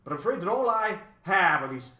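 A faceless storybook gentleman, sugary polite and wheedling, pitched up high and sweet, as a man puts him on. The voice is bright and lands in a roomy echo. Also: big pitch swings, brisk, full character voice. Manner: politely wheedling, eager to please.

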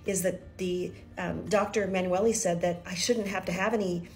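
A woman's voice: lowish voice, steady tone, normal speed, darkish tone. A middle-aged woman from Kentucky talking nervously and emotionally to her viewers in a personal video diary. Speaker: vlogger.

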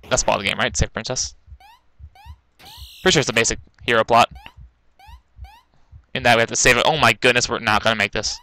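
Excitable young man rambling over gameplay. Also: medium pitch, no room sound, rough recording. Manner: rambling, excitable, frequent loud outbursts. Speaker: gaming commentator. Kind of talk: casual let's-play commentary. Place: bedroom, kneeling at a laptop on the bed. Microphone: laptop mic.

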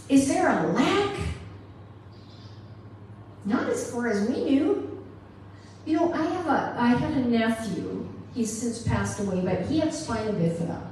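A middle-aged woman preaches and shares her own testimony, telling it earnestly and acting out the people she quotes. Her voice sits fairly high and sounds mellow. She is heard from a distance in a very echoey church hall. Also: a little hiss or hum. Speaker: guest speaker. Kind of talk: sermon with personal testimony. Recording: roomy live-stream from far off.

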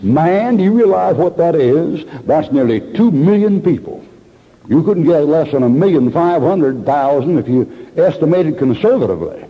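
A man's voice: a little high, very animated, normal speed, husky. A male preacher, telling folksy anecdotes in an emphatic sermon full of repetition. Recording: dull old sermon tape in a reverberant hall.

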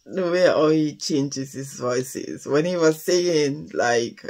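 A woman hosting a reaction video, chatting casually and laughing often about a comedy clip. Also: low-pitched. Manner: laughs often, slow and relaxed. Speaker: reaction channel host.

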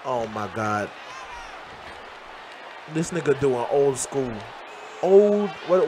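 A man commenting on his own wrestling game as he plays, loud and profane, trash-talking and often shouting. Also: medium pitch, sing-song, drawn-out words, long pauses. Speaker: gaming channel host. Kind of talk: live reactive gameplay commentary. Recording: crowd and game noise behind.

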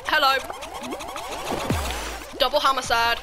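A woman with a British accent that slips Scottish, giving excitable, foul-mouthed commentary on her own gameplay. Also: on the high side, moderate pace, very noisy. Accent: British, slipping Scottish. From Britain. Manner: excitable, swearing, jokey trash talk. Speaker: gaming YouTuber.

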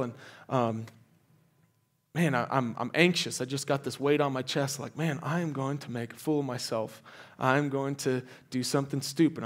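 A young man preaching as a guest speaker, telling a personal story in a loose, animated way with lots of fillers and restarts. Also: a little high.

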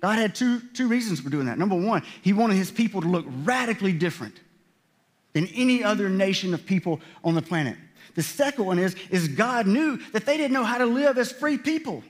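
A man pastor giving a conversational sermon, often restarting his sentences and acting out what God and people say. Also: very high-pitched. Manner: conversational preaching with many restarts and voiced quotes.

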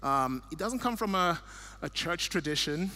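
This middle-aged man from Nigeria, a guest speaker at church, presents with slides in a voice that's a little high and animated, at normal speed. He tells stories earnestly and warmly, restarting frequently.

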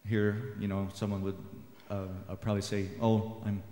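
A man's voice: lowish voice, level tone, moderate pace, dark tone, slight background noise. Folksy American man talking in a reverberant hall. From United States. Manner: folksy and conversational, many "you know"s. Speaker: Christian singer-songwriter in concert. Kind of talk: spoken aside between songs at a live gig. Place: concert hall. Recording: live hall sound with long reverb.

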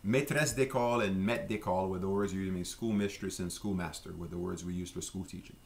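A French language teacher from Louisiana gives a relaxed vocabulary lesson in a low, gravelly, steady voice. He's unhurried, uses many fillers, and slowly repeats pronunciations.

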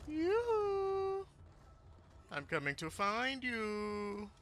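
A man putting on the voice of a creepy, playful male killer, taunting his prey in a drawn-out sing-song. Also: very high voice, huge pitch swings, fairly bright tone, a little hiss or hum, voice pushed up, full character voice.

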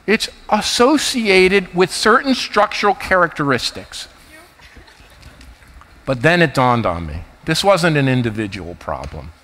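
A man in his fifties with a New Jersey accent delivers a conference keynote in an animated, anecdotal way. His voice sits high and swings widely in pitch. The sound carries a long reverb from a large hall. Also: a little slow. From United States. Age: 50s. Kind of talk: keynote talk.

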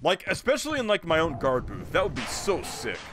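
A man's voice: on the high side, huge pitch swings, a little fast, background noise. A young man streaming a video game, rambling and joking with casual commentary, swearing and laughing often.

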